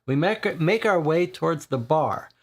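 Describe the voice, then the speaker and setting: A board game player reads a detective case aloud and thinks through the next move. The delivery is slow and deliberate, with a gravelly edge. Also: medium pitch, expressive. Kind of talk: reading a game's case text aloud.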